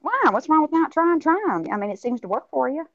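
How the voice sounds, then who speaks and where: A woman with a Southern US accent chatting casually, animated and drawling, calling people honey. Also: high voice, a little fast, no room sound. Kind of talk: casual chat. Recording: dry, lo-fi stream audio.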